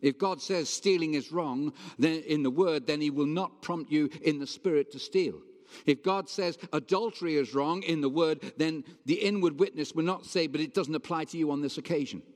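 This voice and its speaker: A man's voice: on the high side, moderate pace, a little mellow. A man preaching a sermon in a conversational, emphatic way, often stopping to ask his listeners questions. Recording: long reverb hall.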